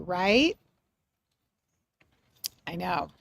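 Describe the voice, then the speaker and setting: A woman hosting a live mediumship reading for her chat, gentle and reassuring, searching for words with many pauses and fillers. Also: a little high, dry recording. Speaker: medium and livestream host.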